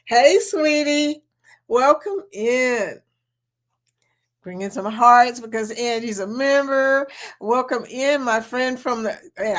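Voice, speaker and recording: A woman's voice: on the high side, fairly bright tone. A woman hosting a casual live stream, bubbly and laughing often as she greets chat members one by one.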